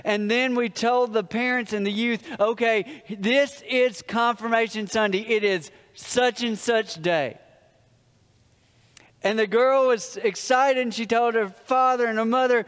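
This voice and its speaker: A pastor preaches to his congregation in a high, clear voice that rings through a reverberant sanctuary. He tells stories with plain humor and drops his voice low to land each punchline. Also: steady tone, normal speed, a bit bright. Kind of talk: sermon. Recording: long hall reverb.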